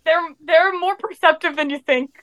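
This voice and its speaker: High-voiced woman telling a rambling story. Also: normal speed, highs cut off, over a noisy crowd. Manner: rambling storyteller, laughs often. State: sick. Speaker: podcast co-host. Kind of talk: casual chat.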